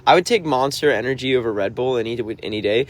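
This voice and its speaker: Talking fast in a medium-pitched voice, a touring musician reads his viewers' comments out on a livestream. He teases them back, sassy and pretending to be offended.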